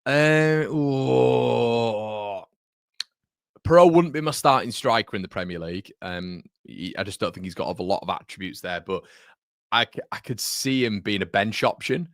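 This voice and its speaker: Expressive and fairly quick, this low-voiced fan channel host has a fairly bright tone as he reads viewer comments on his livestream. He chats casually, rambles, corrects himself, and greets viewers as "mate," captured in a dry, studio-quality recording.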